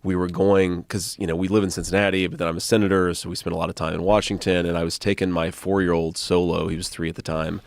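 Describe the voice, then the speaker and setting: A man's voice: sits low, flat delivery, fast talker, gravelly, hardly any pauses, no room sound. A man telling funny family stories as a podcast guest, laughing often. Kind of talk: casual storytelling.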